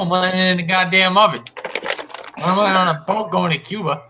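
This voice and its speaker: A man's voice: sits high, fast talker. A man from upstate New York bantering crudely and mockingly, joking brashly and laughing easily. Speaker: podcast co-host. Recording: lo-fi voice call with faint noise.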